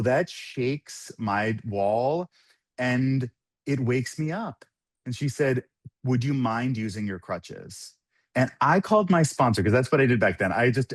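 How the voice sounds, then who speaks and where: A man in his thirties, a podcast guest telling sober-life stories in casual talk, animated and laughing often as he quotes others. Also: medium pitch, no room sound, studio quality. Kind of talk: casual storytelling.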